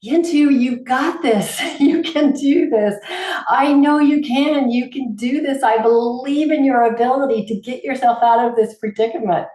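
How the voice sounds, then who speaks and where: A woman voicing a panicked adult woman pleading for help, pitched well above her own voice. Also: measured pace, warm tone, reverberant. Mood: urgent cheering. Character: frantic adult woman, pet owner in a panic.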